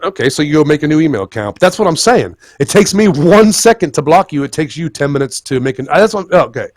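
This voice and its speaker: A man hosting a live podcast, ranting in a profane, heated way. His pitch swings widely and sits a bit high for a man. The sound is dry and close, with little room echo. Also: very animated, fast talker. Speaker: podcast host. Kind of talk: casual live podcast chat.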